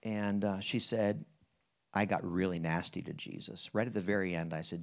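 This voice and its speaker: A man's voice: low-pitched, normal speed. A man from Pennsylvania preaching at a church conference, telling a story in a folksy way and then leading the listeners in prayer. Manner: animated, jumps between quiet and loud in retelling, folksy asides; leads the room in prayer, asks listeners questions. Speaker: guest preacher.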